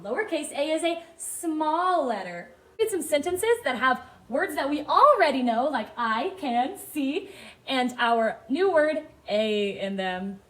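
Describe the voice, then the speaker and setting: A woman teaching a phonics lesson to young children, sounding out letters slowly and asking them to read along. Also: high-pitched, sing-song, reverberant, rough recording. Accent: Hawaiian English. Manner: slow, stretched-out sounds, read-along prompts. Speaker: kindergarten teacher.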